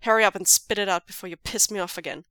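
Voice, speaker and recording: A gruff, impatient young man snaps short, scolding lines down the phone, as a woman reader puts him on. His voice sits a touch lower and punchier than the narration around it, recorded close and dry with no room sound. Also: fairly even intonation, fast talker, pushed and bright, no room sound, natural voice. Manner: clipped, brusque and scolding.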